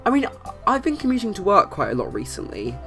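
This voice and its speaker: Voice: mid-range voice, huge pitch swings, fast, gravelly, bright, forceful tone. A young adult telling a long story in a casual voice-over, rambling with many restarts and fillers. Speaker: channel host. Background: faint background music.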